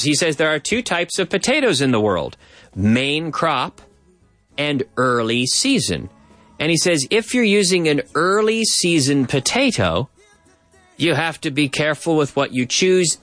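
A man's voice: a little high, animated, moderate pace, fairly bright tone, soft background music. A man hosting a radio show in a studio, chatting and explaining clips, slipping in Spanish translations. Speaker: radio host. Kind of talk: bilingual radio show chat.

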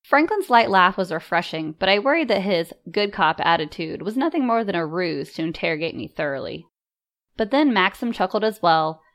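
A woman reading a story aloud in measured, composed first-person narration. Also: on the low side, fairly bright tone. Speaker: audiobook narrator.

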